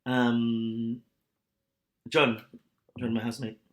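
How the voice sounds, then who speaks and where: A young man co-hosting a casual podcast chat, blunt and scathing and quick to laugh. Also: medium pitch, little pitch movement, fairly bright tone. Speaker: podcast co-host. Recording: echoey room.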